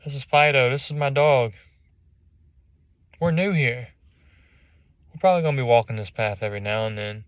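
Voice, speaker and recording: An eager, friendly dog owner keeps apologizing in a raised, higher voice that a man puts on. He sounds keen to smooth things over. The delivery is loud and lively. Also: moderate pace, pauses often, no echo, lo-fi sound, natural voice. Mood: apologetic, eager.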